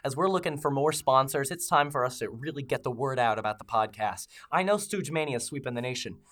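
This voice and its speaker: A man co-hosting a comedy podcast, hoarse from a cold, chatting in a jokey way and laughing often. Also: mid-range voice, brisk, fairly bright tone. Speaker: podcast co-host. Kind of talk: casual comedic chat.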